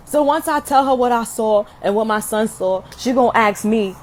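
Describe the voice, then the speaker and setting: A young woman telling a personal story about her child to a phone camera, in a casual, animated and profane storytelling manner. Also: on the high side, moderate pace. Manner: animated, profane, dramatic retelling.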